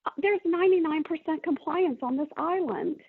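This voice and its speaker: A woman's voice: very high-pitched, moderate pace, no echo. A woman giving an emotional, pleading public comment at a council meeting. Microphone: phone call. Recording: tinny phone line.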